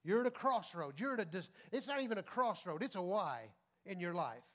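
Pastor, male, high-pitched, folksy sermon delivery with quiet-to-loud swings. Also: big pitch swings, fairly quick. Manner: swings between soft confiding and loud preaching; folksy and conversational.

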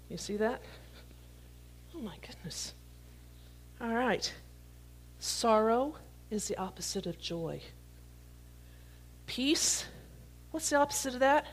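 Her voice is husky and medium in pitch. She preaches to a congregation, reading from scripture and using live props, addressing the listeners playfully and joking each time she catches one.

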